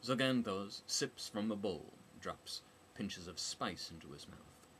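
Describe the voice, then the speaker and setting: A man's voice: fairly low pitch, animated, slow, background noise. A man narrating a novel as an audiobook, with a dry, wry delivery.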